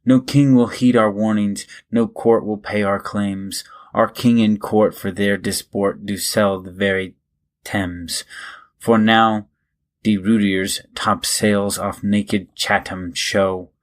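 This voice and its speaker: A man's voice: lowish voice, steady tone. A man co-hosting a vocabulary podcast, reading example sentences and a poem aloud and reacting with interest to word histories. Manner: reads example sentences and verse in a measured way, reacts with surprise. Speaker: podcast co-host.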